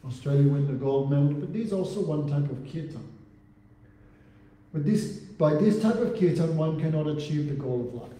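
Male spiritual teacher, slightly high but very mellow dark tone, recites verses, big hall reverb. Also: lively intonation, normal speed. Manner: recites Sanskrit verses and translates them, asks rhetorical questions. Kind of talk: religious class lecture. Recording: very echoey hall with long reverb.

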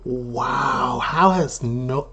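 A man with a Chicago accent hosting a reaction video, chatting casually with animated, laughing asides. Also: medium pitch, very slow, background noise.

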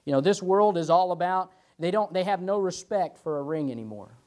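A man's voice: high voice, animated, fairly quick, a little mellow. A man in his twenties teaching Sunday school as a pastor, chatty and folksy, telling personal stories and punctuating his points with "amen". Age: 20s. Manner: chatty, tells personal stories, peppers lines with "amen" and "you know". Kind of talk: informal Sunday school preaching.

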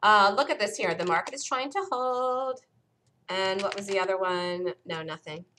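A woman hosting a live day-trading room, calling out entries and stops in an urgent, rapid-fire way, her voice worn and close to giving out. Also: medium pitch, sharp tone, a little hiss or hum. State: losing her voice. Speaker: day-trading show host.

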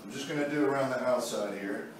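Speaking quickly in a mid-range voice, a male art instructor guides viewers through a painting demo one step at a time, relaxed and talking as he paints. The recording is heavily echoey with a distant microphone and slight background noise.

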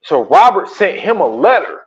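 A man's voice: high-pitched, very animated, moderate pace, husky, lo-fi sound. A man co-hosting a podcast in casual chat, retelling a documentary in a rambling, slangy way with many restarts. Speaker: podcast co-host.

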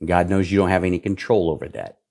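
A male pastor preaching fervently and answering viewer questions, swinging between low mutters and loud outbursts. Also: fast talker, creaky.

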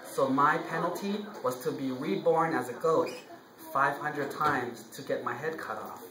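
A monk voicing a calm talking goat. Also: male voice, fairly high pitch, a little slow, roomy sound, a crowd in the background, lightly acted, rough recording. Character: old male goat, calm and forgiving.

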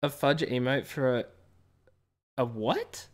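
A woman's voice: extremely low pitch, slow pace. An Australian woman streaming a game and chatting playfully with viewers, often laughing. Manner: playful, laughing, teasing the chat. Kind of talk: casual live-stream chat.

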